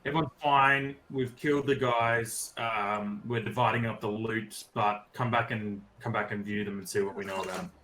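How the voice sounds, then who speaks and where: A man's voice: fairly low pitch, steady tone, normal speed, hardly any pauses, pushed and bright, slight background noise, rough recording. A man playing a tabletop game, earnestly describing and speaking for his character. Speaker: player. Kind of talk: tabletop role-play.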